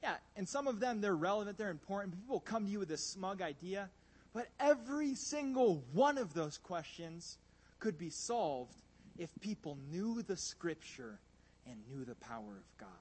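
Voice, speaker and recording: A man preaching a sermon, animated and emphatic, swinging between loud bursts and hushed asides. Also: sits high, normal speed, slightly rough.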